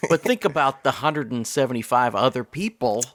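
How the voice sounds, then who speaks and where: A man's voice: medium pitch, a little fast, no room sound. A man co-hosting a comedy movie podcast, chatting casually and joking around. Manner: jokey, lively, dips into silly voices. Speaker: podcast co-host.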